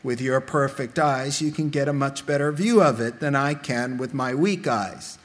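A man preaching a sermon in a church, animated and humorous, making direct appeals to the congregation. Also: mid-range voice, moderate pace. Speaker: pastor. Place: church sanctuary.

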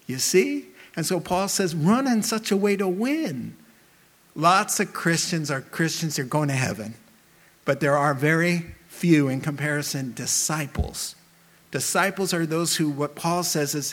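A man preaching a sermon as pastor, animated and emphatic, asking his listeners rhetorical questions. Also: on the high side, a little slow.

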